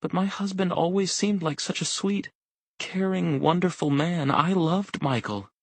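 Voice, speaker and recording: A man's voice: sits high, unhurried, no echo, voice pushed up. A man voicing a grieving wife who speaks in a choked-up, wistful way. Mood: tearful.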